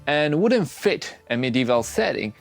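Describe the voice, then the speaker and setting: Lively male explainer narrator. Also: on the high side, measured pace, gravelly, faint music behind. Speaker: video narrator.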